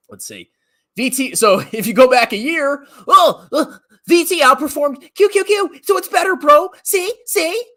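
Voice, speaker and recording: Animated, mocking finance commentator man. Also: high voice. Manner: animated, mocking, laughs often. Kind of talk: livestream rant, reading chat questions.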